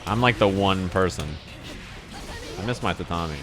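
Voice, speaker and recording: A man's voice: deep voice, normal speed, music in the background. A man rambling and swearing casually to his chat while playing a fighting game live. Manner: profane, rambling, exasperated. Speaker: streamer.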